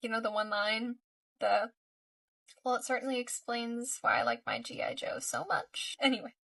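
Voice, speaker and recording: A woman's voice: fairly high pitch, fairly even intonation, moderate pace, vocal fry, fairly bright tone. Gushing, emotional woman reacting to a show. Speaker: reaction video creator. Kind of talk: casual reaction commentary. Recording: voice a bit distant from the mic.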